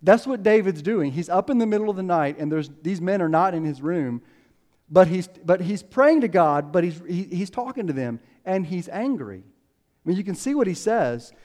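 A pastor giving a conversational sermon, telling stories and acting out quotes with lively ups and downs. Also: male voice, sits high, normal speed. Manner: conversational, animated storytelling with acted quotes.

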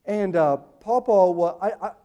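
High-voiced preacher man, dynamic delivery. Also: highs cut off. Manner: swings from loud slow emphatic quotes to quick hushed asides. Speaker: pastor. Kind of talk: sermon.

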